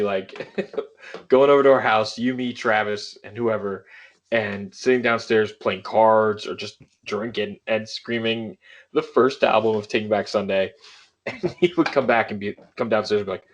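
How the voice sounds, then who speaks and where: A man's voice: on the low side, normal speed, dull audio. A young adult man co-hosting a podcast, telling rambling stories in casual chat and laughing often. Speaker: podcast co-host.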